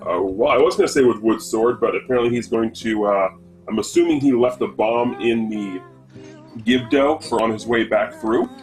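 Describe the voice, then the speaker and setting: A man's voice: medium pitch, moderate pace, a little mellow, poor audio. Male co-commentator from the northeastern US, rambling delivery, faint background music. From Northeast United States. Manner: rambling, many fillers and restarts. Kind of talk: casual speedrun commentary.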